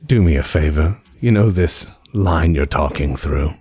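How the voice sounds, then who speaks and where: A man voicing a refined, sinister older gentleman contact who speaks slowly and with silky politeness. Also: very deep voice, slightly rough, pitched below the performer's own voice, heavily acted. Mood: polite. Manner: slow, measured, silkily polite.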